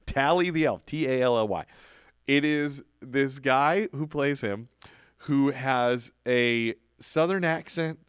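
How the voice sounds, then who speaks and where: A man's voice: medium pitch, takes it slowly, clean tone, dry recording, clean studio sound. Chatty man co-hosting a podcast. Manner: animated, chatty storyteller. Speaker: podcast co-host. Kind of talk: casual chat.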